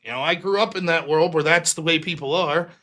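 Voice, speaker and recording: A man's voice: a little high, brisk. A man in his thirties hosting a live stream, telling a long personal story with lots of swearing and acted-out quotes. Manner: profane, animated storyteller acting out quoted voices. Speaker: host.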